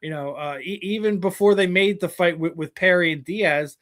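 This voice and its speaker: A man's voice: sits high, normal speed, a bit bright. A man hosting a casual sports interview, making long, winding, opinionated points. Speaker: interview host.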